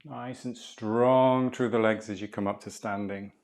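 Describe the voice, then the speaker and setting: A middle-aged man leads a qigong and movement class, calmly cueing breath and posture and chatting between exercises. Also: fairly low pitch, unhurried.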